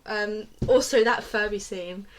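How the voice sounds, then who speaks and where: A woman's voice: medium pitch, unhurried, crowd noise. A young woman co-hosting a podcast, chatting casually and rambling with lots of restarts and giggles. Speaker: podcast co-host. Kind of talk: casual chat.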